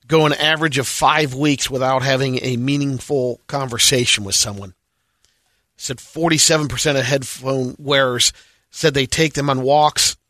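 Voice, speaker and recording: A man's voice: mid-range voice, bright, forceful tone, no room sound. A man co-hosting a radio show, reading odd news items and setting up jokes in casual banter. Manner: reads odd news bits, dry setups.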